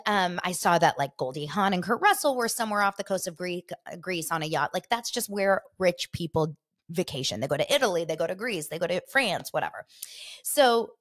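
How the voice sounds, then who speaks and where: A woman hosting a casual chat show, telling a rambling story full of fillers. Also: lowish voice. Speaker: podcast host.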